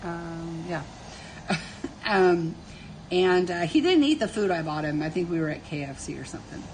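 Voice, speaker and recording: A woman's voice: fairly low pitch, expressive, moderate pace, darkish tone, a little hiss or hum. A middle-aged woman hosting a casual live stream, telling family stories with frequent laughter and answering viewers' comments.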